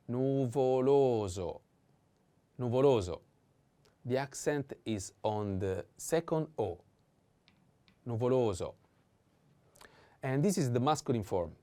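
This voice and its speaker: A man with an Italian accent teaching vocabulary in a slow, patient way, repeating each word three times and pausing on hesitant fillers. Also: mid-range voice, dark tone.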